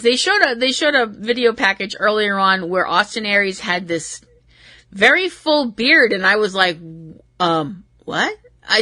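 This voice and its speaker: Bright-voiced woman recapping wrestling, giggly. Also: medium pitch, no room sound. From Massachusetts. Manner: rambling and self-deprecating, laughs at herself. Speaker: podcast host.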